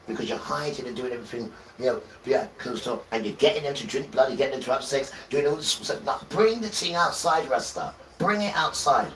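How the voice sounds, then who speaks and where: A man preaching on a livestream, repeating himself, tagging "right?" onto his points and swelling loud when he reads scripture. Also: mid-range voice, slight background noise. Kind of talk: impassioned religious livestream preaching. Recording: roomy echo, distant from the mic, faint background ambience.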